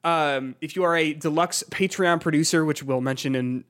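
A man hosting a casual podcast in a slightly higher voice. He talks in a chatty, upbeat way. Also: normal speed, a bit bright, smooth. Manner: chatty, many fillers and restarts, upbeat. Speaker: podcast host. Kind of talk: casual chat.

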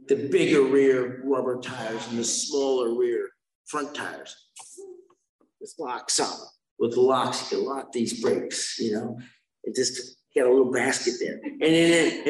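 A man's voice: medium pitch, roomy sound, poor audio. A man sharing his recovery story at a meeting, rambling and self-mocking, with asides to the listeners.

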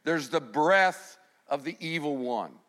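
A middle-aged man preaching a sermon, animated, swinging between loud emphasis and hushed passages. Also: a little high, takes it slowly. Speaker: pastor.

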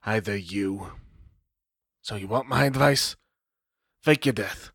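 A man's voice: fairly low pitch, slow pace, a bit bright, slightly rough, no room sound, studio quality, full character voice. A man doing a sneering punk vampire. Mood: menacing. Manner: slangy, drawling tough talk. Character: scrawny androgynous punk vampire, scheming and menacing.

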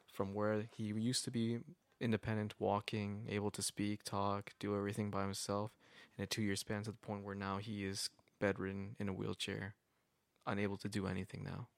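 A man's voice: on the low side, creaky, no room sound. A man in casual podcast chat, telling an earnest, reflective story about his past work. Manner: earnest, reflective, with fillers like right. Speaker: podcast co-host.

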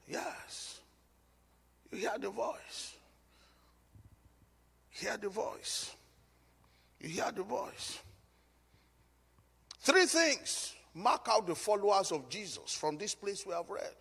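A man's voice: high-pitched, creaky, a bit bright, husky, big-room sound. A male pastor preaching a sermon, emphatic and given to repeating phrases.

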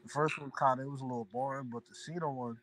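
A man guesting on a podcast, chatting in a laid-back, slangy way that often trails off quietly. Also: medium pitch, fairly even intonation, racing, poor audio. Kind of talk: casual chat.

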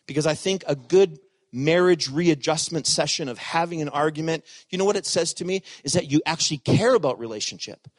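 Animated middle-aged male pastor preaching. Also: fairly high pitch, a little fast, dry recording. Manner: animated, swings from loud emphasis to hushed asides. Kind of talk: sermon.

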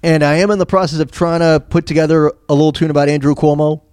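A man's voice: fairly high pitch, steady tone, fast, a little mellow, clean tone, dry recording, studio quality. A man hosting a podcast who comments casually on news clips, rambling and hesitant with many fillers and restarts. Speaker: podcast host.

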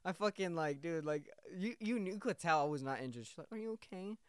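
Young male podcast host, rambling profane rant, smooth clear voice, dry sound. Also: on the high side, expressive, a little fast, no room sound.

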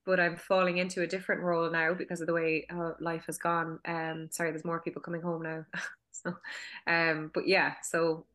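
A woman's voice: lowish voice, flat delivery, normal speed, a bit bright. A woman from Cork in her thirties with a Cork Irish accent, a filmmaker chatting at home in a casual interview, talkative, with frequent restarts and fillers. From Cork, Ireland. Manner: chatty, many restarts and fillers, laughs often. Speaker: filmmaker and acting school director.

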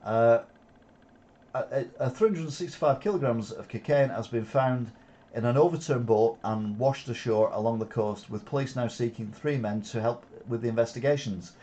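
A man's voice: medium pitch, normal speed, mellow, dull audio. Sarcastic Wigan man reading headlines. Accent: Wigan, Lancashire. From Wigan, England. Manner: sarcastic asides, frequent fillers. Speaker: news commentary host. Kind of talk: reading headlines with off-the-cuff commentary.

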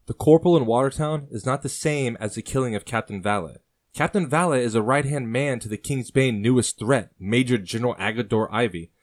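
A man's voice: mid-range voice, pitched above the performer's own voice, lightly acted. A man voicing an older male colonial rebel leader who speaks sternly and lectures with passion. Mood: grave.

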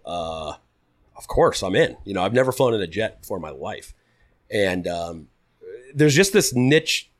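A man in his thirties with a somewhat low voice tells stories as a podcast guest. He talks in a loose, casual way, swears freely and acts out the lines people said to him. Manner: relaxed, swears freely, acts out quoted dialogue. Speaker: podcast guest, pilot turned putter maker. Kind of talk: casual storytelling.

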